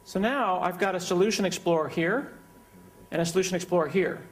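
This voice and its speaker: A man with a high voice gives a keynote, running a live software demo at a fairly quick pace. He jokes throughout and keeps things conversational.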